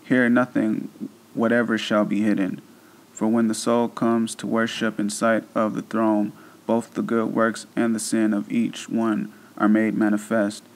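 Male reader as stern divine judge, solemn, deep-ish, flat read. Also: a little slow, low-quality recording.

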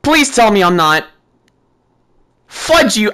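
A gaming YouTuber giving let's-play commentary, talking to themself and to game characters, swinging between frantic yelling and low muttered asides. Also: lively intonation, slow pace, gravelly, smooth, low-quality recording.

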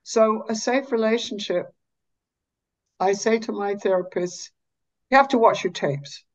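A woman psychologist explaining her therapy in an interview, animated, sometimes dropping to a slow, soft, low voice to show how she talks to clients. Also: dull audio. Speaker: psychologist and therapist, podcast guest.

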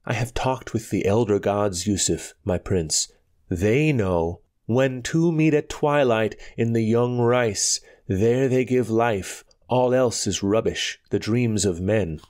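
A man's voice: lowish voice, slow, a little mellow. A man reading a storybook aloud, voicing a bold, defiant young dancer woman who speaks scornfully and insistently.

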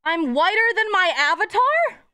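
A woman's voice: extremely high pitch, big pitch swings, pushed and bright. A young woman streaming live, chatting casually with her chat, playful and profane. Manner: playful, swearing, quick jumps between topics.

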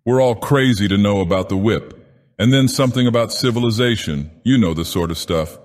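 A man's voice: fairly low pitch, fairly quick, natural voice. A man doing a pushy, fawning young reporter. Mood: eager. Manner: ingratiating, pushy. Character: eager, smooth-talking young male reporter.

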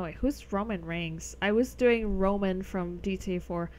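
A young woman chats loosely while streaming a game, rambling from one thought to the next with frequent laughs. Her voice sits at an ordinary middle pitch for a woman, casual and unscripted. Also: moderate pace, few pauses. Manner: rambling, chatty, laughs often. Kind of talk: casual live-stream chat over gameplay.

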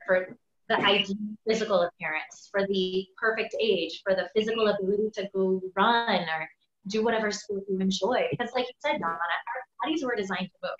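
A woman's voice: mid-range voice, fairly bright tone. A woman chiropractor giving a webinar talk, telling her own story in a candid, emphatic way and swearing freely, over a video call. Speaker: webinar guest speaker, chiropractor. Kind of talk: personal story told on a webinar. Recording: echoey, dull video-call audio.

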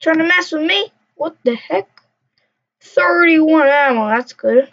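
A woman's voice: extremely high pitch, lively intonation, normal speed, vocal fry. A young woman rambling through casual gameplay commentary, mumbling to herself and trash-talking other players. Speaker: gamer. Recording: dull lo-fi recording.

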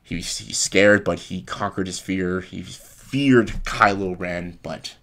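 A young man retelling a movie plot as a comedic pitch, breathless and profane, acting out lines and sound effects. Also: takes it slowly, fairly bright tone.

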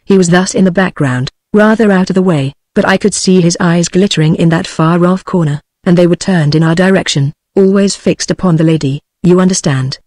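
A text-to-speech woman's voice with a British English accent, reading a novel aloud and giving every character the same even delivery. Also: fairly low pitch, a little fast, hardly any pauses, no room sound, clean studio sound. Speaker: audiobook narrator.

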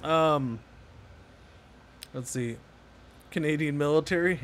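A man's voice: on the high side, unhurried, creaky, pauses often, slight background noise. A man casually commenting on his own gameplay during a live stream, talking to himself and sarcastically answering chat. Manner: chatty, self-talking, sarcastic asides to chat.

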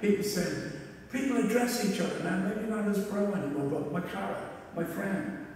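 A man's voice: high voice, normal speed, darkish tone, a little hiss or hum. A man preaching a sermon as a minister, chatty and humorous, with asides. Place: church. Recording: echoey church hall from far off.

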